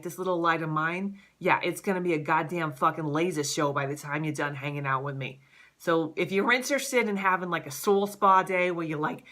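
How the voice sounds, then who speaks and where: Animated, swearing woman vlogger. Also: fairly low pitch. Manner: animated, profane, lots of "like". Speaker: life coach and vlogger. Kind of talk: casual direct-to-camera vlog. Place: Southern California.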